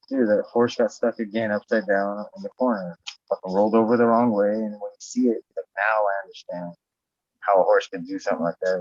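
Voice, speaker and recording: A podcast host with a voice on the low side talks casually, cursing and rambling and raising his voice to act out what he said. The recording is dull and lo-fi, without echo.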